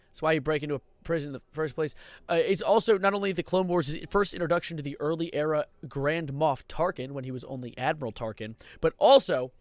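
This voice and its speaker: A young man streaming casual commentary, excitable and rambling, swearing and breaking into sudden loud outbursts. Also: a little high, no echo.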